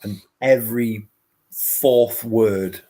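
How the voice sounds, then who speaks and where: A man with an English accent talks through a relaxed chat as a guest, his voice sitting on the low side. He rambles a little and searches for the right words as he goes. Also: drawn-out words. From England. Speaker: guest, paranormal podcaster. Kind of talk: casual chat.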